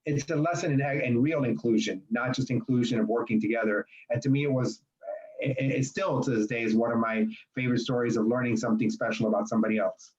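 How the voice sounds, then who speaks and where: A man's voice: mid-range voice, fairly even intonation, fast, darkish tone. Man on a roomy, dull video call. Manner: conversational, many restarts and fillers. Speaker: bank manager and panelist. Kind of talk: webinar roundtable storytelling.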